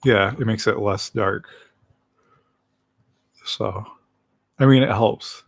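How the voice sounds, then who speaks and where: Slow-talking, low-voiced man rambling on a stream. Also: vocal fry, husky, no echo. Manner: rambling, laid-back, laughs easily. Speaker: livestreamer. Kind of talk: casual rambling chat.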